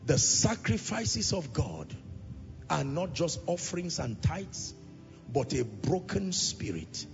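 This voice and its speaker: A male preacher delivering an impassioned sermon, repeating lines and swelling into shouts and half-sung phrases. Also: a little high, big pitch swings, slow pace, creaky. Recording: reverberant hall, dull lo-fi sound, music behind.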